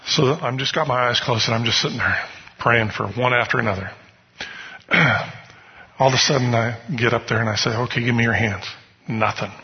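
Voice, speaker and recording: A man with a mid-range, slightly breathy voice preaches a sermon a little fast, sharing personal stories conversationally and often asking "you know what?" The hall recording is muffled with a long reverb.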